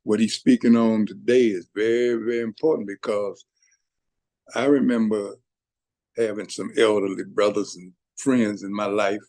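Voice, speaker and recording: An older man, a guest, speaking in a measured, thoughtful way. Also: on the low side, fairly even intonation, mellow, no room sound. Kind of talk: reflective conversation.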